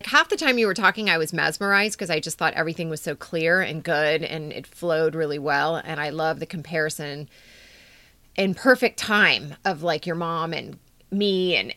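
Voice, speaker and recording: A woman's voice: sits low, moderate pace, sharp tone, no room sound. Fifty-something woman giving frank writing feedback, lots of "like"s, super dry close sound. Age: 50s. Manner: candid and emotional, frequent "like" fillers. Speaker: podcast co-host. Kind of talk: casual writing critique.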